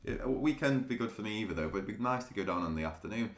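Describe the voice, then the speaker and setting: A man's voice: fairly low pitch, expressive, very fast, roomy sound. A man chatting casually with viewers on a live stream, laughing often and restarting his sentences. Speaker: day trading streamer.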